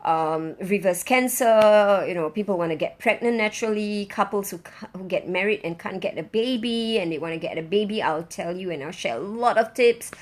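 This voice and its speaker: Bubbly sleepless woman. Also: mid-range voice. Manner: bubbly, effusive, squealing with excitement. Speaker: online business owner. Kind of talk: excited live-stream chat. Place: in Singapore.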